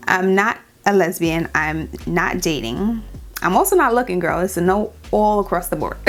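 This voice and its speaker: A woman's voice: mid-range voice, animated, moderate pace. A young woman with a New York accent chatting casually in a Q&A vlog, sassy and repeating lines for emphasis. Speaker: beauty YouTuber.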